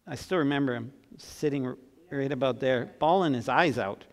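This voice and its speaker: A man in his sixties preaching a sermon as pastor, earnest, swinging from emphatic to soft and tender. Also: mid-range voice, moderate pace. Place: church sanctuary. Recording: long church reverb.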